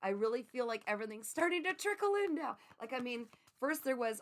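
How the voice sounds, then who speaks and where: A middle-aged woman hosting a live-streamed card reading, chatting with viewers in an animated way and laughing often. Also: on the high side, a little fast. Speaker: psychic reader.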